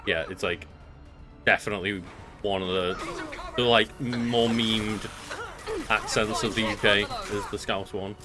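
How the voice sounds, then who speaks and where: A man's voice: lowish voice, measured pace, pauses often, over music. A young man from Merseyside, co-hosting a game stream and chatting in a laid-back, sweary way. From Merseyside, England. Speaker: stream co-host. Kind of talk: casual chat over gameplay. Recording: steady background noise.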